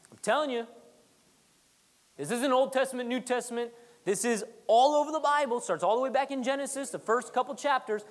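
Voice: high voice, brisk. A pastor preaching a sermon in a conversational way, hammering points through repetition and teasing the congregation. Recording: long reverb of a large hall.

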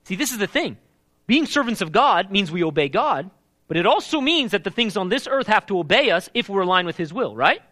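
Man, pastor, live sermon, lively swooping delivery, bright forceful tone. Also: high voice, a little fast. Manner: animated, emphatic, asks the congregation questions.

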